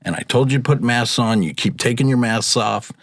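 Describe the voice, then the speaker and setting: A man's voice: medium pitch, fairly quick, dry recording, studio quality. A man, casually telling stories as a podcast guest and acting out what others said. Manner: chatty, laughs often, acts out quotes. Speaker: podcast guest, rideshare driver. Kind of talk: casual storytelling.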